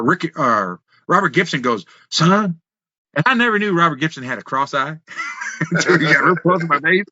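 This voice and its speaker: A man, a former wrestler, telling road stories in an animated way on a podcast, full of restarts and quoted dialogue. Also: mid-range voice, no room sound, highs cut off. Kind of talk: casual storytelling in a podcast interview.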